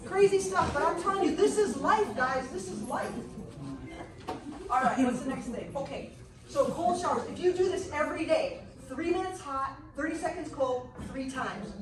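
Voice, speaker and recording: A woman teaching a health class who tells her stories in an animated way and often laughs. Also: sits high, moderate pace. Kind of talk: casual storytelling class. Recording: echoey room, mic far off, noisy.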